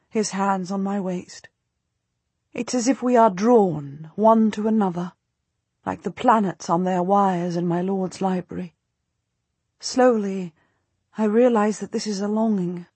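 A woman narrating a historical novel in the first person, with measured, expressive storytelling. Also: medium pitch, breathy edge, no echo. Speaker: audiobook narrator.

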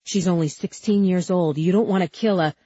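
A calm, steady man speaks low and firm, soothing yet commanding, as a woman narrator puts him on. The tone is husky, lowish and dry, with a slightly muffled sound. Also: a little fast, no room sound.

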